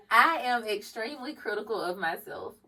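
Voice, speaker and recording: A woman's voice: fairly high pitch, sharp tone, distant mic, poor audio. A woman co-hosting a casual podcast chat, talking reflectively about herself and laughing often. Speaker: podcast co-host.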